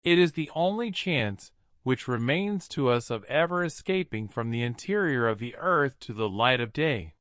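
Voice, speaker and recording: A man voicing a calm, provoking old professor. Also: mid-range voice, no room sound, studio quality, natural voice. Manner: calm, measured, smiling. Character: calm elderly male professor, coolly provoking. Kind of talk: audiobook character voice.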